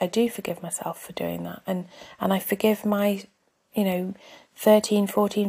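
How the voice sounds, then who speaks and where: A woman's voice: on the low side, creaky, darkish tone, slightly rough. A woman hosting a podcast, talking candidly in a reflective personal monologue, often dropping to a near-whisper. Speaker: podcast host.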